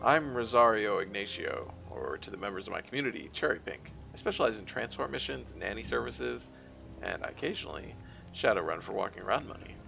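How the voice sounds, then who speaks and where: A man voicing a small, fierce female orc nanny with a Filipino accent, talking rapid-fire, gruff and proud. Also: fairly low pitch, big pitch swings, pushed and bright, faint music behind, heavily acted, low-quality recording.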